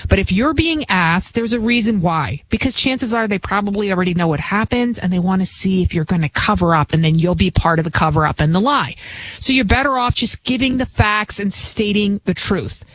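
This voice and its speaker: A woman's voice: medium pitch, lively intonation, a little fast. A woman from the Bronx with a New York accent, hosting a talk radio show in a chatty, rambling, emphatic monologue. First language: not English. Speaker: guest radio host.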